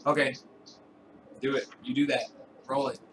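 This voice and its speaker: A man narrating a tabletop game as game master, casual and halting. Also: mid-range voice, little pitch movement, recorded from a distance. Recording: noisy room recording.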